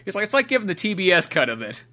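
A man's voice: sits high, big pitch swings, rapid-fire, bright, forceful tone. A young man co-hosting a podcast, rambling casually with many fillers and swearing about a movie. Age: young adult. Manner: rambling, filler-heavy, profane. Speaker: podcast co-host. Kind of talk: casual movie-review chat.

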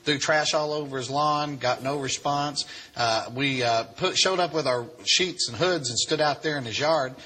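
A man, telling his life story to a live audience in a folksy, animated way and acting out the voices. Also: on the high side, normal speed.

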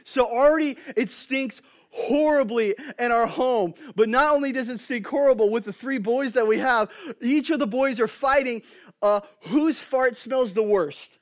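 A man in his thirties preaching a sermon as a pastor, telling family stories with animated swings from hushed to loud. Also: very high-pitched, a little slow.

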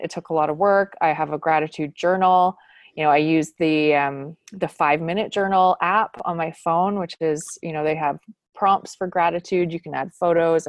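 Low-pitched woman, earnest and reflective, casual talk, dry sound. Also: no room sound. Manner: earnest, reflective, laughs often. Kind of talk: casual conversation.

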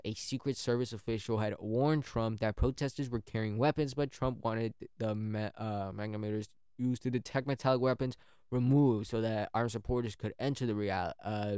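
A man's voice: mid-range voice, moderate pace, mellow, smooth, dry recording, studio quality. A man narrating history in a casual way, often stumbling and correcting himself.

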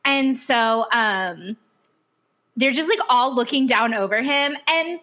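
Woman podcast co-host, fairly high, bright voice; animated, chatty, laughs a lot. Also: takes it slowly. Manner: animated, chatty, laughs often, many fillers. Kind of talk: casual chat recapping a TV series.

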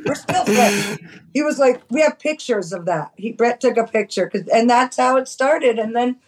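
A middle-aged woman from New York City, a cannabis farmer telling stories in a chatty, animated way as a podcast guest. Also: a little high, normal speed, poor audio. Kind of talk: casual storytelling.

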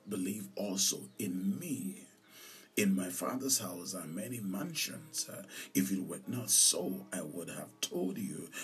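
A man who is a pastor and podcast host, preaching a sermon slowly and emphatically, repeating key lines and dropping into whispers. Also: sits low, recorded from a distance.

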